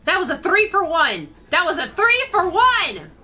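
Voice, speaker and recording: A woman's voice: very high-pitched, very animated, moderate pace, very noisy. A woman co-hosting a movie reaction, exclaiming, laughing and swearing as she watches. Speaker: co-host of a movie reaction channel. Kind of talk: excited movie reaction commentary. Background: film soundtrack playing.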